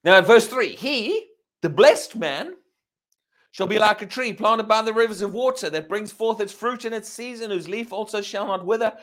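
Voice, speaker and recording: Male pastor, sermon delivery, emphatic and questioning, higher voice with very lively pitch. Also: moderate pace. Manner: emphatic, asks the congregation questions.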